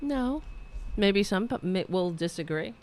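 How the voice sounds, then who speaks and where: A woman's voice: medium pitch, animated, a little slow, darkish tone. A woman hosting political commentary, ranting in a profane, sarcastic and heated way and reading out viewer chat. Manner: reads viewer chat aloud.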